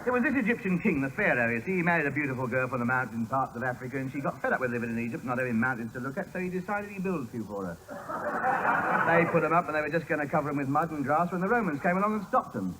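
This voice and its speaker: A man's voice: a little high, animated, very fast. Pompous british man, old radio comedy. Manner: pompous, self-important, blustering. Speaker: comedy lead. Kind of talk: 1950s radio comedy acting. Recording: hissy old radio recording.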